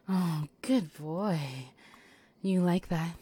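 A woman in a whispered role-play, teasing and giving commands between breathy whispers and sighs. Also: fairly low pitch, a little slow, warm tone. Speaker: audio role-play performer.

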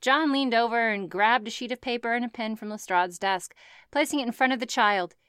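A woman's voice: on the high side, fairly quick, a bit bright, smooth, no room sound, clean studio sound. A woman reading a story aloud, breaking off to make sarcastic, swearing comments. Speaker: fan fiction reader.

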